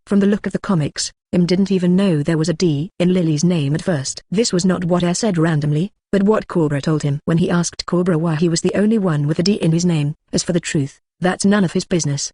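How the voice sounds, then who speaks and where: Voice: medium pitch, brisk, dry recording. Machine-like audiobook narrator voice. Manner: reads punctuation marks aloud, even machine-like delivery. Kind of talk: scripted fan-fiction narration.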